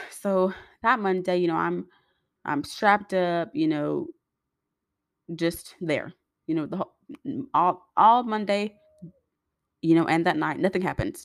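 A young woman vlogger tells her viewers a personal story in a chatty, rambling way, acting out the voices of the people involved. Her voice is lowish with vocal fry, at a measured pace with long pauses, in a clean studio-quality recording with no echo.

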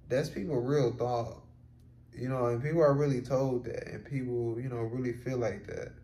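A man's voice: medium pitch, steady tone, normal speed, warm tone. Rambling man in a roomy echo. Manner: rambling, loaded with fillers and casual swearing. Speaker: podcast host. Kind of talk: solo reflective podcast monologue.

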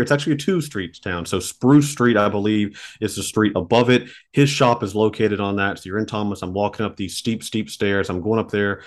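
A man co-hosting a podcast, telling a story in an animated, rambling way with lots of asides. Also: on the low side. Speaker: podcast co-host.

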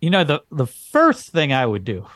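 A man co-hosting a comedy podcast, casual chat in a deadpan, teasing way. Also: a little high, moderate pace, no echo, clean studio sound. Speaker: podcast co-host.

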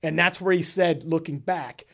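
A man co-hosting a casual podcast, talking in a rambling, animated way and laughing often. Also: on the high side, moderate pace, gravelly. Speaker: podcast co-host.

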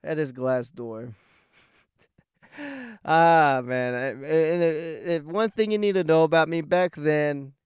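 A man telling a rambling personal story in a casual, profane way, full of fillers and restarts, getting loud and worked up as it builds. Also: a little high, slow pace, clean tone, no echo, clean studio sound.

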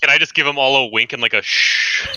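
A man's voice: medium pitch, fast talker, no echo, low-quality recording. A man playing a tabletop game, dropping dry, wry asides. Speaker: player. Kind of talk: casual tabletop game chat. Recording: loud background noise.

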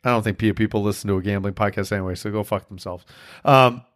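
A man's voice: lowish voice, fairly even intonation, very fast. A man hosting a podcast in casual chat, telling a rambling, profane story with self-mocking laughs. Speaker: podcast host.

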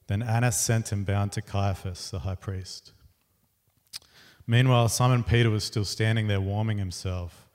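Low-voiced man reading scripture. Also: steady tone, normal speed, darkish tone. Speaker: scripture reader.

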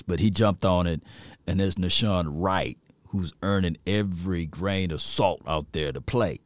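A man hosting a sports stream, telling slangy, excitable stories and laughing often. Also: low-pitched, moderate pace, no room sound. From rural area. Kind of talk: animated sports talk.

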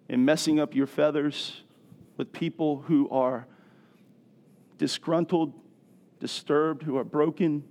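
A middle-aged man preaching a sermon as pastor, animated and building to loud rhetorical questions. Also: a little high.

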